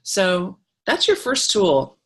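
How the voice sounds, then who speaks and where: A woman's voice: medium pitch, sing-song, slow pace, fairly bright tone. A middle-aged woman teaching a creativity workshop, talking in an encouraging, chatty way with fillers and restarts. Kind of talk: live online workshop talk.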